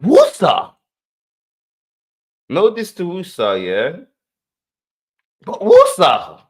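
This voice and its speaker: A man hosting a reaction show, playful in his commentary and given to repeating phrases and acting out scenes. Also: on the high side. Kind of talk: animated commentary.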